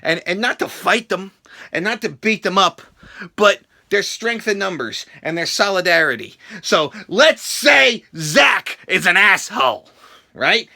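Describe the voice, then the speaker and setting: Brief: profane vlogger man, raised pitch, gravelly edge, animated wrestling-fan bluster. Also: moderate pace. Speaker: YouTube vlogger. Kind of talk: casual Q&A vlog.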